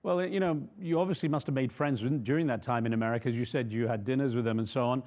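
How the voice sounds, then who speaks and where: A male news interviewer asks probing questions at a quick pace. His voice is mid-pitched, and he drops in casual fillers as he lines up each question. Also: a little mellow.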